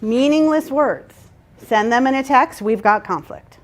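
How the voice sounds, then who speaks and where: A woman's voice: on the high side, moderate pace, background noise. A woman facilitating a workshop, explaining to a group and checking in with "right?" and "okay?". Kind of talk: interactive workshop talk.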